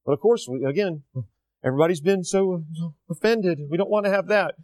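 A man preaching a sermon, indignant and animated, with sarcastic asides. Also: sits high, fairly quick, dry recording.

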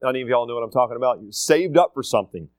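Speaking rapid-fire at a medium pitch, a middle-aged principal-type figure gives students an expressive, informal pep talk. He stresses and repeats key lines and acts out quotations, and the recording has no room sound.

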